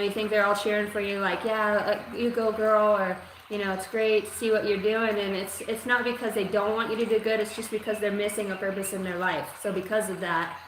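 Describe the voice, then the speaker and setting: A woman giving a live-streamed psychic reading, talking in a rambling, profane, streetwise way. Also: medium pitch. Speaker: psychic reader. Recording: echoey room with steady noise.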